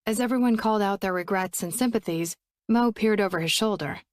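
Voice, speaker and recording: A woman narrating a romance audiobook in a steady, even storytelling voice on a close studio mic. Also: medium pitch, fairly quick, dry recording.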